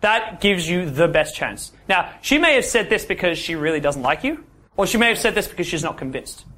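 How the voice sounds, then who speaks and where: Pushed and bright, this man's high voice is very animated and fairly quick. He runs a dating workshop, speaking straight to the class, quizzing the room, and checking in with a frequent "yeah?"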